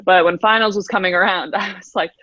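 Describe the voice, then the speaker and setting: A woman's voice: medium pitch, fairly even intonation, quick pace, pushed and bright, no room sound. Twenties female athlete guest, bubbly and chatty, dry slightly dull sound. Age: 20s. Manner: upbeat, laughs often, many fillers. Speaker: professional swimmer guest. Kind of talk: casual interview chat.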